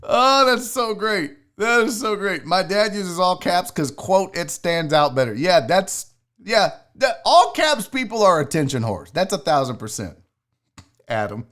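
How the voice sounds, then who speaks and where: A man's voice: high voice, very animated, measured pace, fairly bright tone. A man hosting a live sports show, ranting casually and profanely while reading viewers' chat.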